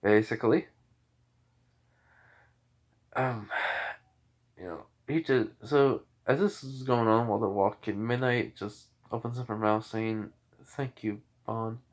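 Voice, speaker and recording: A man's voice: medium pitch, unhurried, long pauses. A man casually retelling a fan story, rambling with fillers and restarts.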